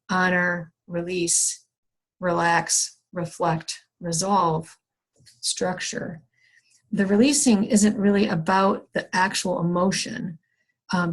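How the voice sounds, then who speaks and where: A young adult woman teaching an online wellness workshop over a video call, talking in a conversational, reflective way with many fillers and restarts. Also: fairly low pitch. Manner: acts out her own past frustration with raised excited voice. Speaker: workshop facilitator.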